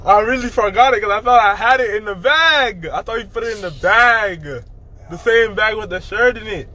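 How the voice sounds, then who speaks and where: Bright-voiced man explaining himself. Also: sits high, normal speed. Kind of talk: casual chat.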